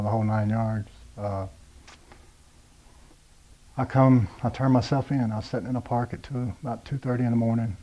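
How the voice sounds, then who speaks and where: Blunt forties man giving personal testimony, low, dark voice, level and unshowy. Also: low-quality recording. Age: 40s. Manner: plain-spoken, blunt, many "uh" and "you know". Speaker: rehab program graduate telling his story.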